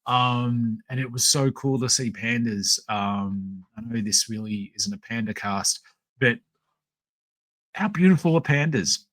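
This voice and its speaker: Australian male podcast host, casual live-stream storyteller, mid pitch, dry room. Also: a little slow, no echo. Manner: rambling, animated storytelling with many fillers.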